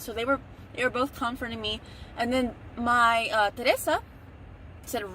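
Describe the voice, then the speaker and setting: A woman's voice: on the high side, steady tone, moderate pace, sharp tone, slight background noise. A young woman talking casually to viewers in a rambling storytelling vlog, recorded on a phone in a car. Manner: chatty, rambling, talks straight to viewers. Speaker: vlogger. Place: in a parked car.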